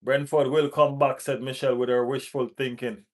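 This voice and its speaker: A man with a West Indian accent hosting a live football watch-along, giving shout-outs to viewers in the chat, laughing and teasing rival fans. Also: medium pitch, level tone, moderate pace. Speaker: football channel host.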